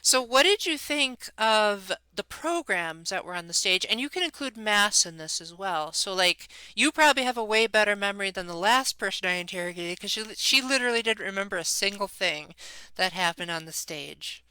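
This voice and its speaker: Bright crisp-voiced woman interviewer. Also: mid-range voice, animated, normal speed, dry recording, low-quality recording. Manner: friendly, storytelling, asks questions. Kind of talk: casual conversational interview.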